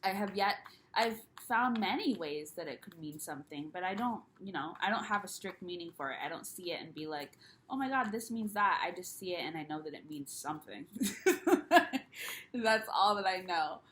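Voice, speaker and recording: A woman's voice: on the low side, lively intonation, moderate pace, fairly bright tone, slight background noise. Rambling young woman vlogging casually. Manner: rambling, frequent restarts and laughs; candid, loose and self-mocking. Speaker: spiritual YouTuber. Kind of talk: casual solo vlog chat.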